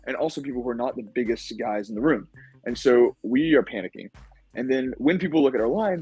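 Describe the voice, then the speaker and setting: Husky-voiced young man telling a story. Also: mid-range voice, no echo, rough recording. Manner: animated recounting with many fillers. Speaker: podcast guest, former game-show contestant. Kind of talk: casual storytelling.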